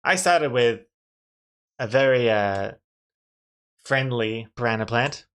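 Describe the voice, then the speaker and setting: A man's voice: mid-range voice, takes it slowly, a bit bright, clean tone. A male streamer giving chatty live-stream commentary on a drawing game, reacting with frequent laughs.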